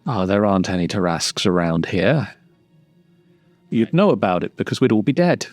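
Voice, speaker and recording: A man's voice: on the low side, moderate pace, a little mellow, no echo, faint music behind, lightly acted. A man voicing the stuffy, prim spirit of an old male wizard trapped in an orb.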